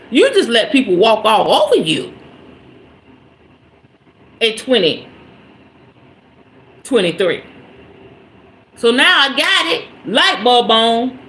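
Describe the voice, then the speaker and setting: A woman's voice: sits high, fairly bright tone, low-quality recording. A woman hosting a spiritual podcast, giving an emphatic, preachy motivational talk straight to her listeners.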